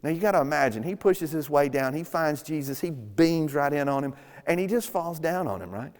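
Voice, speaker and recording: A man's voice: fairly high pitch, lively intonation, fairly quick, a little mellow. A man preaching a sermon as pastor, retelling scenes casually and acting out the characters' lines. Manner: casual storytelling with acted-out quotes. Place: church sanctuary. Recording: long hall reverb.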